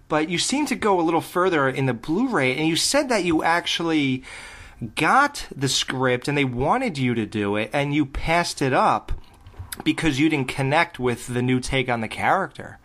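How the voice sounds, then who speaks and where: Woman co-host, very low and lively voice, chatty and laughing. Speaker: podcast co-host. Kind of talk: casual interview chat.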